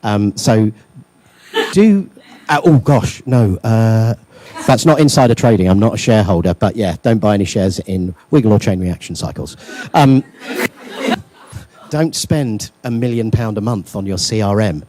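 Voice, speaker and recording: A man's voice: fairly low pitch, normal speed, warm tone. A man giving a conference workshop talk, joking and self-deprecating, with many ums and uhs. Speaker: workshop speaker. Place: lecture room.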